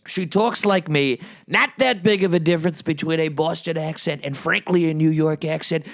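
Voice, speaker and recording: Guy doing a bragging ex-president podcast host, gravelly, rambly, keeps saying right. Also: on the high side, moderate pace. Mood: blustering. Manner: boastful, rambling, repeats himself, asks "right?". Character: impression of a brash former president hosting a podcast. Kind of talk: comedic impression monologue.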